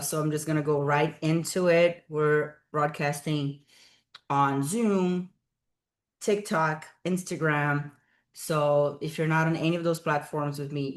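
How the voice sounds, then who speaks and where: A woman fitness coach chatting casually on a livestream from home, rambling and greeting viewers by name, recorded through a laptop webcam. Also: sits low. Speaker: fitness coach and bodybuilding competitor. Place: at home, with cats nearby. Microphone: laptop or webcam on a video call.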